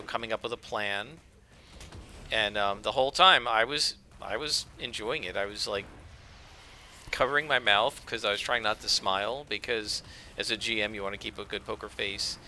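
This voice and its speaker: This man's lowish, sharp-toned voice carries slight background noise as he plays a game. He talks in a loose, conversational ramble, packed with fillers, like a typical let's-play gamer.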